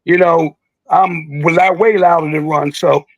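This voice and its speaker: An older man in his sixties, his voice high for a man and rough with gravel, telling old stories in a loose, joking way. He jumps into other voices to act out quotes and laughs often, recorded close and dry. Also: measured pace, no echo, rough recording. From Philadelphia. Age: 60s. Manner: animated, jokey, acts out quotes with big voice jumps. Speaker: guest, veteran rapper. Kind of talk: casual storytelling interview.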